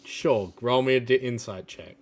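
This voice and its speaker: A man's voice: medium pitch, normal speed. A man narrating as dungeon master in a tabletop game, hesitant and full of fillers and restarts.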